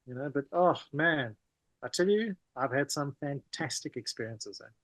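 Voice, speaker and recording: Animated South African man telling stories. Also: mid-range voice, moderate pace, no room sound. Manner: animated, peppers talk with "man" and "you know". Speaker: podcast guest. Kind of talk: casual conversational storytelling.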